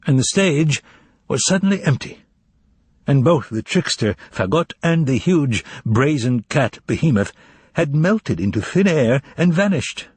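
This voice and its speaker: A man narrating an audiobook in an expressive way, voicing each character. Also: fairly high pitch, unhurried, slightly rough, dry recording. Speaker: audiobook reader.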